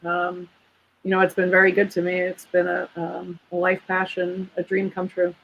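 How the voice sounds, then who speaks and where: A woman's voice: on the low side, completely flat delivery, normal speed, gravelly, lo-fi sound, slight background noise. A woman guest in a casual interview, a veterinarian who talks in an earnest, chatty way and speaks proudly of her family. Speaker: guest, veterinarian and clinic owner.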